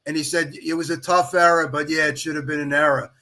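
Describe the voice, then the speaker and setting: Man telling a baseball story, higher voice. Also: fast talker. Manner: animated anecdote-telling, quotes others in dialogue. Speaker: podcast guest, official baseball scorer. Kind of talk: storytelling in casual chat.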